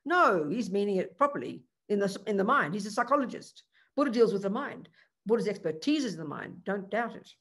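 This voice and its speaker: A woman's voice: medium pitch, big pitch swings, quick pace, breathy edge. A woman teaching the Dharma as a Buddhist nun, talking conversationally and earnestly, with rhetorical questions, restarts and frequent asides.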